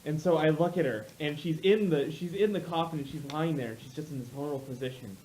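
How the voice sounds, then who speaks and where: Animated man telling a comic tale. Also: fast talker, a little hiss or hum, low-quality recording. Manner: animated, jumps into high voices for quotes. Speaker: storyteller. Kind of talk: improvised comic storytelling.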